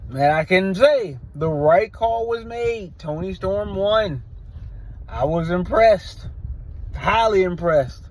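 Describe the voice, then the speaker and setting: Male show host, fairly high voice, blunt opinionated rambler who stammers and restarts. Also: expressive, slow pace, a little hiss or hum. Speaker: wrestling show reviewer. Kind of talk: casual opinionated review.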